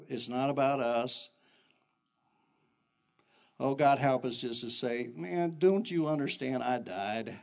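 An older man who is a pastor, giving an animated sermon full of personal stories that jump in pitch. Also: gravelly. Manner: animated storytelling with sudden pitch jumps and chuckles.

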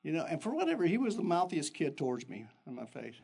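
An older man who is a pastor, giving an animated sermon full of personal stories that jump in pitch. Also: quick pace, creaky, husky. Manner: animated storytelling with sudden pitch jumps and chuckles.

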